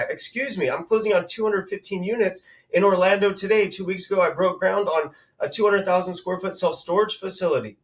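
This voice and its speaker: A man's voice: sits high, fairly even intonation, quick pace, hardly any pauses, recorded from a distance. A man in his thirties from Southern California, a podcast guest telling motivational stories in an emphatic, punchy way. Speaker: guest, real estate investor. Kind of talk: conversational storytelling.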